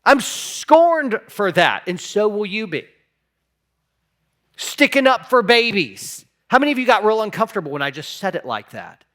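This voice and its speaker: A male pastor delivers an impassioned sermon in a church sanctuary. His voice sits noticeably high for a man. Now and then he acts out imagined replies in a raised voice. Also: big pitch swings, normal speed, fairly bright tone.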